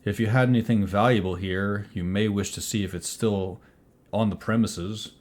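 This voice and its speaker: A man's voice: on the low side, fairly even intonation, moderate pace, a little mellow, close to an everyday voice. A man voicing a tired, embarrassed man who speaks in a sighing, confiding way. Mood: weary. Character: weary, embarrassed man at the compound.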